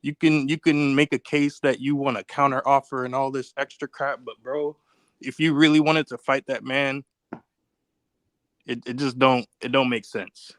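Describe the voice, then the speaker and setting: A man calling in to a live stream with a mid-pitched voice, recorded dry and close. He talks casually, trips over his words and circles back to the same point. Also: steady tone, moderate pace, a bit bright, no room sound. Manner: rambling, repeats words, restarts. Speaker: caller. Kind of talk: casual call-in talk.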